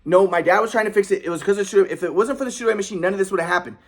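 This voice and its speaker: A man's voice: high voice, rapid-fire. A young man telling a personal story in a rambling, aggrieved way, with many restarts and repetitions. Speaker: vlogger.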